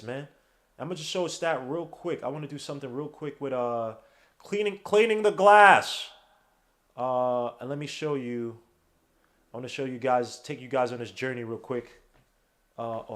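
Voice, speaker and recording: A man hosting a casual live-streamed sports podcast, talking in loud, animated bursts full of slang and dropping quiet while he searches his computer. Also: a little high. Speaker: podcast host.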